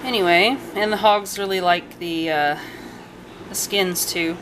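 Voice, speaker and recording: Chatty mom in a noisy kitchen. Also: female voice, lowish voice, measured pace. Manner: chatty, rambling, with fillers and asides to a child. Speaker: home cook and channel host. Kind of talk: casual cooking vlog. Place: home kitchen. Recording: home video with noticeable background noise.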